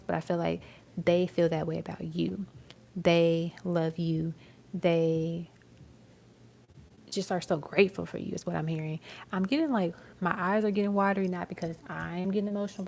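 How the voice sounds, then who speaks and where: A woman giving a live-stream tarot reading, talking in a soft, musing way with many fillers. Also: lowish voice, gravelly. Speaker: tarot reader.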